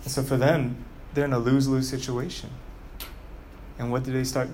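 A man delivering a sermon in an animated storytelling manner, asking his listeners questions as he goes. His voice sits at a mid pitch. Faint noise hums behind him. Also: moderate pace. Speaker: preacher.

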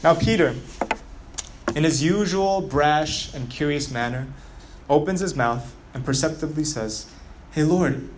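A man preaching a sermon, telling the story in a lively way and asking the audience rhetorical questions. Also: on the high side, a little slow, noisy background.

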